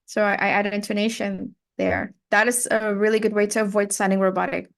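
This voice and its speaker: A woman's voice: mid-range voice, flat delivery, creaky. Patient woman pronunciation tutor. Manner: patient, explanatory, models words and sentences slowly. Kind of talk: giving spoken feedback in a one-on-one lesson.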